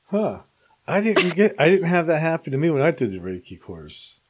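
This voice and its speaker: A man's voice: a little high, sing-song, normal speed. Hissy-sounding man reacting in surprise. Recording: hissy recording.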